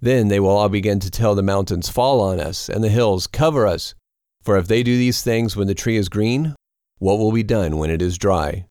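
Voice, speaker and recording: A calm, grave condemned teacher, voiced by a man reading scripture aloud, speaking in solemn, measured phrases. The voice is deep. The sound is dry and close. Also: no echo, close to an everyday voice.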